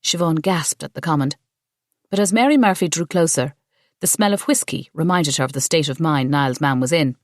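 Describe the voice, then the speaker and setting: A woman reads an audiobook in a steady, measured way. Her voice sits on the low side, and the room is dry and dead, with no echo. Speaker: audiobook narrator. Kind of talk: scripted narration.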